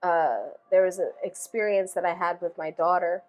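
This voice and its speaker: A woman in her thirties hosting a podcast, telling personal stories in a relaxed, reflective way, full of filler phrases. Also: lowish voice, normal speed, faint music behind. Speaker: podcast host. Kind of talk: casual heartfelt conversation.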